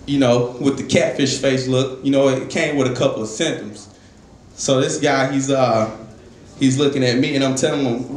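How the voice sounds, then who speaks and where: A man's voice: medium pitch, brisk, slight background noise. A young man telling a loose, profane stand-up story at an open mic in a jazz club. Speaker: stand-up comedian. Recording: roomy club with faint ambience.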